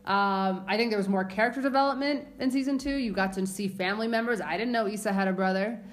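Teasing, quick-witted woman co-host. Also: medium pitch. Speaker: podcast co-host. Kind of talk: casual chat.

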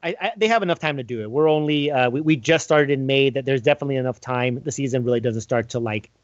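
A man's voice: medium pitch, dry recording. Male co-host, easygoing and jokey, average voice, dry lo-fi recording. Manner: joking, laughs often, halting restarts. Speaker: podcast co-host. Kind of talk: casual chat. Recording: dull lo-fi sound.

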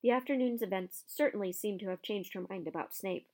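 A woman's voice: mid-range voice, brisk, hardly any pauses. Woman reading a storybook aloud. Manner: steady storytelling. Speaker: audiobook reader.

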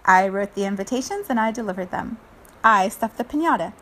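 A woman's voice: mid-range voice, expressive, normal speed, lightly acted. A woman voicing a bossy, hardworking female iguana in a storybook, speaking insistently and with exasperation. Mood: determined.

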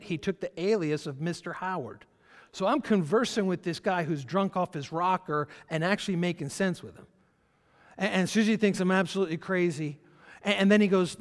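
Preacher telling a story in a reverberant hall. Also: male voice, fairly high pitch. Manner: conversational, many restarts and fillers. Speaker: pastor. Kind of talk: sermon storytelling.

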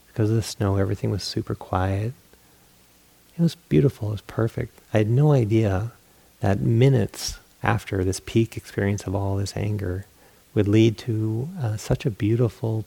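Low gravelly guy doing a dharma talk, jokes at himself, acts out his own thoughts. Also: warm tone. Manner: candid, self-mocking storytelling with acted-out inner voices. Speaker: meditation teacher. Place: meditation hall.

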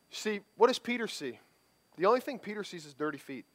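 High-voiced conversational male pastor. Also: animated, brisk, fairly bright tone. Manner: conversational, tag questions, repeated restarts. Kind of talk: sermon.

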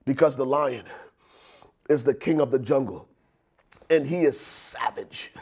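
A male pastor preaching a sermon, building to shouted climaxes and calling out to the congregation. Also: mid-range voice, unhurried, husky. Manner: preaching with swelling shouted climaxes and call-outs. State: out of breath.

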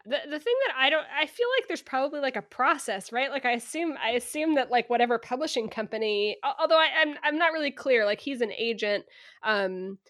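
A woman's voice: sits high, animated, a little fast, fairly bright tone, no room sound. A woman co-hosting a podcast in casual chat, thoughtful and hesitant with dry humor. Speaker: podcast co-host.

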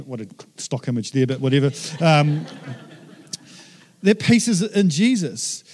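A man's voice: on the high side, expressive, a little slow, a little mellow. A man, preaching a casual, conversational sermon with frequent fillers and restarts. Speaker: pastor.

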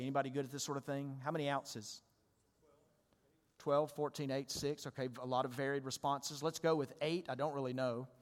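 Conversational pastor preaching in a reverberant church. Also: male voice, medium pitch. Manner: conversational, animated, asks the congregation questions. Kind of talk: sermon. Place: church sanctuary.

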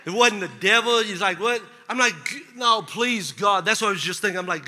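A male pastor preaching a sermon, telling a story with lively acted-out dialogue. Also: high-pitched, brisk. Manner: animated storytelling, acts out dialogue. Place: church sanctuary. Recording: long hall reverb.

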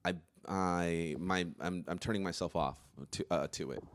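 A man's voice: low-pitched, moderate pace, no echo. A young man, a comedian guest, telling stories in casual chat, stammering, rambling and laughing often. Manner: rambling, stammering storyteller who laughs often and slips into impressions.

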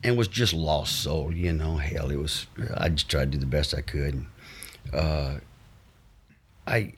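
A man telling long stories from his life in a relaxed, rambling interview, stumbling over words with many uh's and acting out the people he quotes. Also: extremely low pitch, a little slow, a little hiss or hum. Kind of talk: casual anecdotal storytelling.

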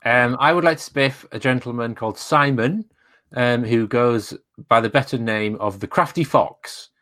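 A man co-hosting a casual podcast, talking in a relaxed, halting way with many fillers. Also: medium pitch, no room sound. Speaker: podcast co-host. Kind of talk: casual chat.

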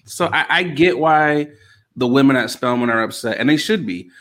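A man's voice: medium pitch, lively intonation, normal speed, a bit bright. A young man co-hosting a casual podcast chat, telling laid-back stories and swearing casually. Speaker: podcast co-host.

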